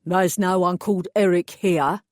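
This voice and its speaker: A woman voicing a burly, tattooed older male mechanic with an East End London accent, gruff, slow and hostile in an audiobook. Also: high voice, fairly even intonation, dry recording, clean studio sound. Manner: gruff, slow, menacing, swears.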